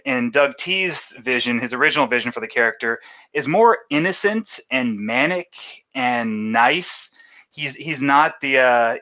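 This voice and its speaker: Casting: middle-aged male stream host, bright, forward voice, rambling and excitable, reacts aloud to the chat. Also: medium pitch. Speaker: YouTube host doing a live unboxing. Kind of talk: casual live-stream chat.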